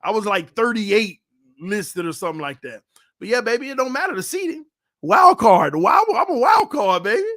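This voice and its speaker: A man hosting a casual live stream, talking loud and playful with lots of trash talk. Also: high voice, sing-song, normal speed, dry recording, studio quality. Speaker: YouTube channel host. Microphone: desk mic, no headphones.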